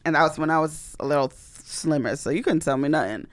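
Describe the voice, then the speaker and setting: A woman telling a personal story in a casual monologue, animated and blunt, with dramatic emphasis and swearing. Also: low-pitched, fairly quick.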